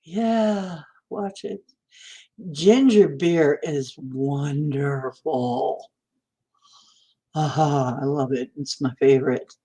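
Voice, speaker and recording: A woman's low, mellow, slightly rough voice moves very slowly as she hosts a livestream. She chats casually with viewers, greeting them by name and laughing often.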